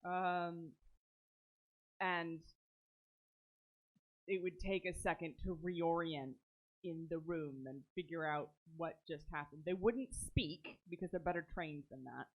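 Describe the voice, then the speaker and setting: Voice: mid-range voice, slow, pauses often. A tabletop game player thoughtfully describing a character's actions, with some hesitation. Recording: slightly dull lo-fi sound.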